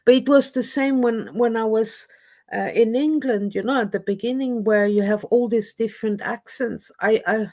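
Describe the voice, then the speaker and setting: A woman's voice: fairly high pitch, normal speed, a little mellow. A woman hosting a casual live stream chat, rambling and self-deprecating as she talks. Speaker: livestream host. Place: lives in Scotland.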